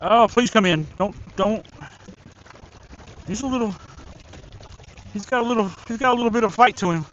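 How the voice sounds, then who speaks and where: A man streaming a fishing tournament live from a riverbank, chatting excitedly and talking to the fish he reels in. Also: high voice, normal speed, long pauses, dull audio. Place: outdoors by a river.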